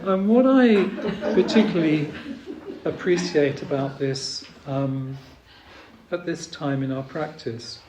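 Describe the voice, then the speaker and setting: A man giving a dharma talk as a Zen teacher, hesitant with many pauses and ums, gently humorous. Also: fairly high pitch, background noise. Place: retreat meditation hall. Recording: roomy hall with faint ambience.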